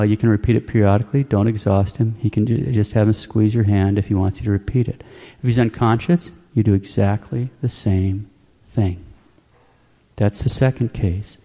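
Man, Catholic preacher, calm instructional talk, plain-spoken, repeats points, warm mellow tone. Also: fairly low pitch, big-room sound.

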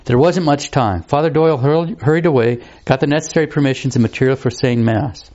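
A man narrating a story in a measured, solemn reading manner. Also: medium pitch, darkish tone, highs cut off.

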